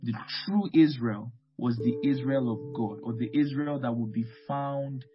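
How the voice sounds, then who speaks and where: A man's voice: mid-range voice, measured pace. A man preaching a Bible teaching sermon, emphatic and repeating key phrases, often calling out amen. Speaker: pastor. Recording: muffled lo-fi with guitar music.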